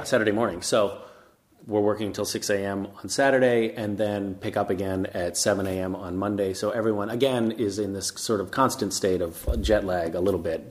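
A man with a fairly low voice talks easily in a casual interview, poking fun at himself as he goes. He fills gaps with ums and uhs and often restarts a thought mid-sentence. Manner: relaxed, self-mocking, many fillers and restarts. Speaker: actor guest. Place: castle in Scotland.

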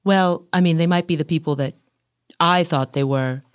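A woman playing a nosy female space station captain, murmuring low and conspiratorially in an improvised comedy scene. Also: normal speed, no echo, clean studio sound, lightly acted.

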